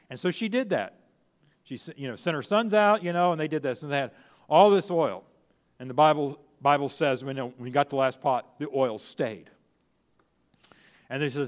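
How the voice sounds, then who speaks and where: A man's voice: fairly high pitch, moderate pace, pauses often, big-room sound. A middle-aged male pastor preaching a sermon in a conversational way, often restarting phrases and acting out quoted speech.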